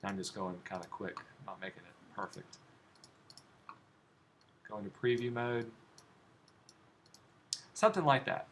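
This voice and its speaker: During a live classroom software demonstration, a design teacher with a lowish voice speaks unhurriedly and pauses often. He is relaxed, talking as he clicks through steps and questioning his students. Faint background noise runs underneath.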